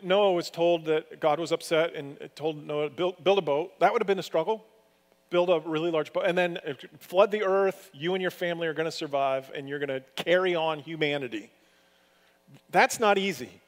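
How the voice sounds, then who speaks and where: Male pastor, fairly high voice, conversational storytelling sermon, long hall reverb. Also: moderate pace. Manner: storytelling, conversational with lively swings in pitch and loudness.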